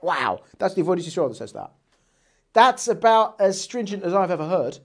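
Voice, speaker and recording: A woman teaching a religious text lesson, reading passages aloud and posing rhetorical questions in an animated way. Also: lowish voice, a little fast, slightly rough. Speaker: Torah teacher.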